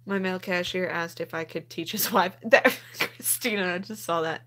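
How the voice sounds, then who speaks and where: A woman in a casual live-stream chat, reading comments aloud with quick laughs. She explains things patiently and in plain terms, like talking to friends. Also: fairly low pitch, steady tone, a bit bright. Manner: chatty and laughing, explains step by step. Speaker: couponing channel host.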